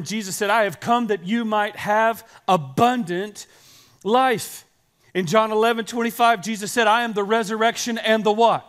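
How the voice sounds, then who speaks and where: A pastor preaching to his congregation with a fairly high voice for a man. He reads scripture aloud and calls out for the crowd to answer him, with a hint of a drawl. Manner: animated preacher, quoting scripture, asks the congregation to respond. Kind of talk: sermon.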